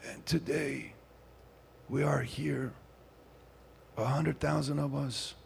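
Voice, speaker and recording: Guy putting on an old preacher, super soft and slow, solemn, a bit far off. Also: medium pitch, fairly even intonation, vocal fry, slight background noise, voice pushed up. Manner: slow, hushed, measured preaching. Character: elderly male preacher, calm and solemn.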